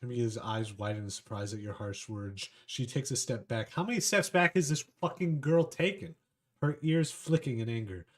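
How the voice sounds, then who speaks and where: A man's voice: medium pitch, moderate pace. A man streaming a text adventure game with a desk microphone, reading the game text aloud and laughing often. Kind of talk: casual gameplay commentary and reading aloud.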